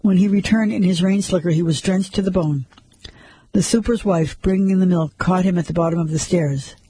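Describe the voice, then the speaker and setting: Husky, high-voiced male narrator. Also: a little fast, dark tone, rough recording. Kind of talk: storybook reading.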